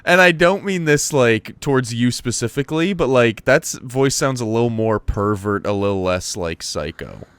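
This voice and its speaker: A young man co-hosting a podcast in casual chat, chatty and quick to laugh at himself. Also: mid-range voice, lively intonation, fairly bright tone, smooth. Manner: chatty, laughing, self-deprecating. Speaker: podcast co-host.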